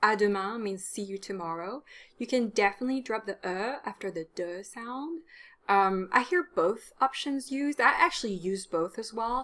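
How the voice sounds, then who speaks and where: A native French-speaking woman teaching a language lesson on camera. She explains each word clearly, repeats the words slowly and drops in casual asides. Her voice sits at an everyday middle pitch. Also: animated, fairly bright tone.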